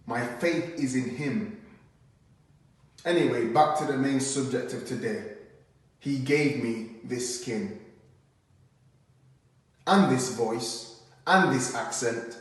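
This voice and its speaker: A man performing rhyming spoken word poetry with a steady, earnest cadence. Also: mid-range voice, slow pace, long pauses. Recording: very echoey room, mic at a distance.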